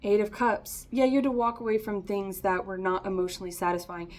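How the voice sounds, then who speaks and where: A woman's voice: medium pitch, flat delivery, brisk, a little mellow, slight background noise. A woman giving a casual, chatty tarot reading to camera, encouraging and often laughing. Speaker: tarot reader.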